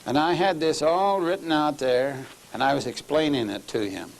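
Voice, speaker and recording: A preaching man, his voice sitting a little high for a man. He tells his story in a sermon, sinking to quiet low lines and then lifting into emphatic passages. Middle-aged and practiced at the pulpit. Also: moderate pace, gravelly, a little hiss or hum, rough recording.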